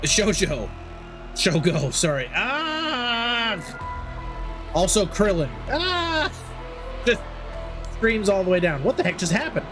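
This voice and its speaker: A man with a slightly high voice streams a game and reads its dialogue aloud with dramatic emphasis. He breaks off now and then with startled cries. Faint game music plays underneath. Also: big pitch swings, slow pace, pauses often. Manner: dramatic reading broken by startled exclamations. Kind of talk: let's play, reading game dialogue aloud.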